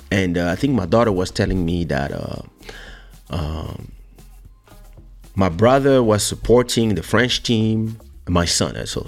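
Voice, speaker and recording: A man hosting a podcast, chatting casually and telling a family story in an animated way. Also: low-pitched. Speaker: podcast host. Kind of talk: casual chat.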